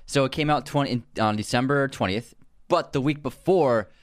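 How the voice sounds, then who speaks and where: A man's voice: mid-range voice, moderate pace, no echo, clean studio sound. A man co-hosting a podcast, chatting casually about films with frequent laughs and restarted sentences. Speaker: podcast co-host. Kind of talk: casual film discussion.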